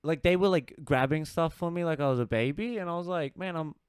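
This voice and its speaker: A young man from Australia co-hosting a podcast, chatting casually, laughing often and telling animated stories. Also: fairly high pitch, brisk, clear, resonant tone, no room sound, studio quality. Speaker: podcast co-host.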